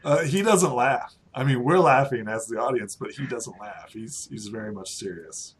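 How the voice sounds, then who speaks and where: A man's voice: mid-range voice, lively intonation, normal speed, slightly rough. A man narrating a tabletop game as game master in a casual, laid-back way with frequent fillers.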